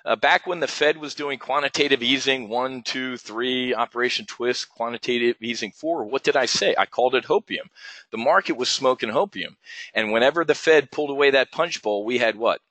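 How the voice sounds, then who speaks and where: A man hosting an options trading webinar, giving an animated, slangy market rant full of rhetorical questions, recorded on a close mic. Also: mid-range voice, brisk, no echo. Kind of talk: opinionated market commentary.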